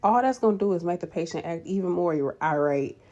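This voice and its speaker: A woman nurse giving animated, preachy, encouraging advice in a casual vlog. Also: fairly low pitch, a little fast, highs cut off.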